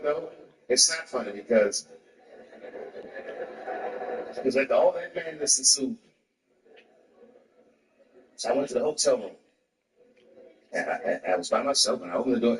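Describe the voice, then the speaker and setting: A man's voice: mid-range voice, expressive, moderate pace, long pauses. A man doing a profane stand-up routine on stage, telling a story. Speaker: stand-up comedian. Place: stage before an audience. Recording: roomy, distant stage recording.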